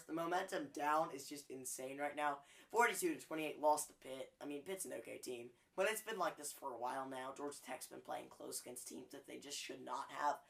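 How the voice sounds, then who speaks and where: A man's voice: on the high side, creaky, fairly bright tone. A man hosting a sports show, handing out weekly college football awards in a chatty, joking way with frequent fillers. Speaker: sports podcast host. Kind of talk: casual sports commentary.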